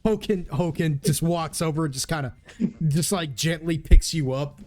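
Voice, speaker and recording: A man's voice: a little high, moderate pace, darkish tone, soft background music. A young man narrating a tabletop game as game master in a playful, teasing way. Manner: playful, teasing, laughs often.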